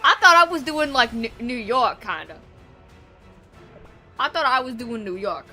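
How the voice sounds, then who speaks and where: A young woman streaming games live, chatting casually, excitable and swearing freely, often bursting into shouts. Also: a little high, unhurried, faint music behind. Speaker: VTuber streamer.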